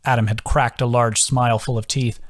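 A man's voice: medium pitch, normal speed. A man, the author, reading his own fantasy novel as scripted audiobook narration. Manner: steady storytelling.

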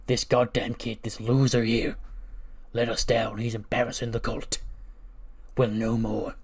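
A man voicing a menacing male cult-leader wrestler villain who growls out slow, loud threats. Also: mid-range voice, little pitch movement, gravelly, breathy edge. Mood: snarling.

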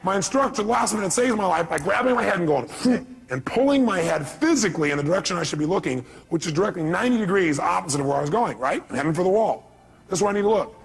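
A man giving a motivational seminar to a live audience, telling stories with animated, acted-out quotes and sudden leaps in pitch. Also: fast talker, vocal fry, breathy edge. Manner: animated storytelling, acts out quotes with big pitch jumps. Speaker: motivational speaker.

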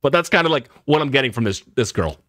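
A man's voice: mid-range voice, fast talker, no echo, clean studio sound. A man from Boston with an American accent, chatting casually as he reacts to a video, with lots of fillers. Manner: animated, chatty, many fillers.

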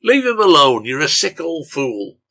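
A man voicing a hot-headed young man who shouts and stammers with rage. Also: a little high, big pitch swings, moderate pace, pitched above the performer's own voice, full character voice. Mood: furious.

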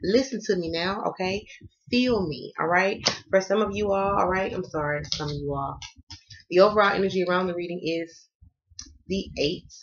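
A woman's voice: fairly low pitch, normal speed, lo-fi sound. A woman from the American South doing a casual tarot reading, sassy and playful and cussing freely. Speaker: tarot reader.

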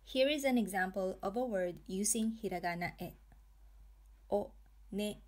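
A woman teaching a language lesson, pronouncing each example slowly and carefully in a scripted narration. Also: medium pitch, darkish tone. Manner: slow, careful, drawn-out pronunciation.

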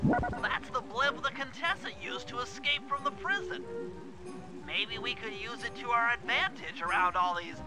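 A man's voice: very high voice, expressive, normal speed, loud music behind the voice, low-quality recording. An actor voicing a brainy young male turtle sidekick in a video game, earnest and thinking aloud about a plan. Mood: thoughtful.

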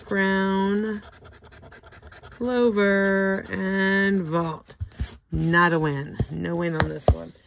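An older woman from Florida, a scratch-off ticket vlogger, speaks slowly in a hoarse, gravelly, medium-pitched voice with a steady tone, her throat not cooperating. In casual running commentary, she calls out ticket symbols one by one with chatty asides, over a little hiss or hum.

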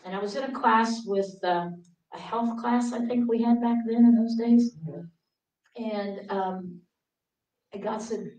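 A woman preacher giving a sermon full of personal stories, acting out her younger self in a raised, pleading voice and dropping to hushed tones for quiet moments. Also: a little high, takes it slowly, pauses often. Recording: roomy sound from a distant mic.

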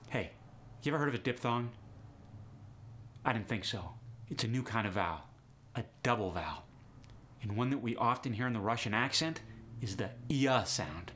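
A man's voice: medium pitch, a bit bright, a little hiss or hum. A man hosting an instructional accent lesson in a jokey, teasing way. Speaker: accent coach and host.

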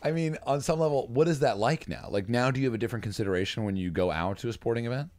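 A man's voice: mid-range voice, racing, darkish tone, no room sound. A man hosting a podcast, asking rambling questions full of fillers. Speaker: podcast host. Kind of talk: casual podcast interview.

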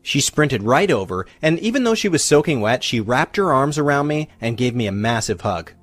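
A man, a relationship coach, narrating a scripted first-person story in an animated, confiding way. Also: mid-range voice, normal speed, no echo.

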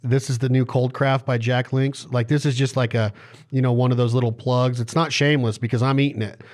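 A man's voice: mid-range voice, flat delivery, a little fast, a little mellow. A man hosting a podcast over a video call, joking and riffing on wordplay, with a Western American accent. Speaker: podcast host. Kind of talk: casual chat.

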